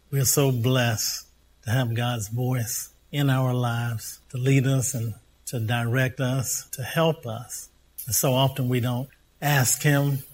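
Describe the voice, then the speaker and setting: Earnest man closing a sermon. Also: medium pitch. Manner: earnest, repeats praise phrases. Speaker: pastor. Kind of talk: sermon wrap-up.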